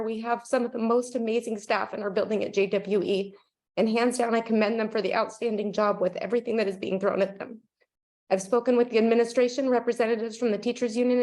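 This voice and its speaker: A woman's voice: on the high side, a little mellow. A woman, a parent, reading an earnest public comment to a school board while holding back tears. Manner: earnest and urgent. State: near tears, watery-eyed. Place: public meeting room.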